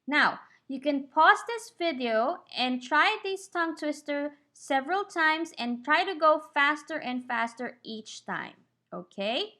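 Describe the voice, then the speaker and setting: A woman teaching English pronunciation in a slow, clear lesson. She is patient, often checks in with "okay?" and drills words slowly and deliberately. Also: high voice, lively intonation, bright, forceful tone.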